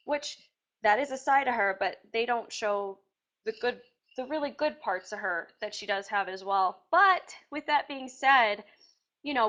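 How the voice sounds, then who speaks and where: A woman answering interview questions casually, chatty and animated, with acted-out quotes. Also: a little high. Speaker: reality TV contestant being interviewed. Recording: dull lo-fi sound.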